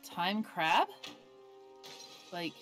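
A woman's voice: fairly low pitch, animated, extremely slow, fairly bright tone, soft background music. A woman streaming a co-op game, chatting playfully and joking with her partner. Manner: playful, laughs often, sing-song jokes. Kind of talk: casual gaming chat.

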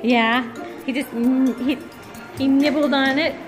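A mother filming her child in a large museum hall on a handheld phone, animated and exclaiming, playful with the child. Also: high voice, unhurried. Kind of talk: casual family vlog. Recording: background music over the audio.

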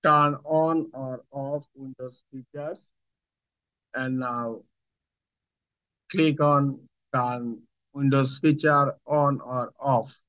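A man who works as an IT instructor narrates a step-by-step software tutorial, giving slow instructions in short phrases with pauses between them. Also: mid-range voice, steady tone, highs cut off.

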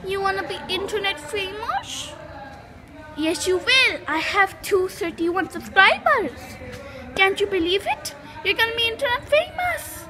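A female host giving casual gameplay commentary, chatting and calling out loudly to her pets. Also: extremely high pitch, animated, a little slow. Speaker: gaming channel host. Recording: clear background noise.

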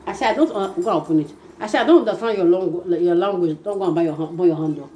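A woman with a Nigerian Pidgin English accent, vlogging casually to her channel in an animated way and often repeating herself. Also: fairly low pitch, racing, crowd noise. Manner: animated, repeats phrases, often asks "you no understand?". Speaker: YouTube vlogger. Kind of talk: casual chat to camera. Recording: echoey room with faint ambient noise.

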